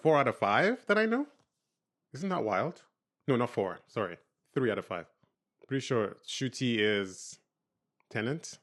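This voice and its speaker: A man's voice: mid-range voice, very animated, a little slow, long pauses, a bit bright. A man hosting a reaction video, commenting casually on a TV episode and thinking aloud in a rambling way.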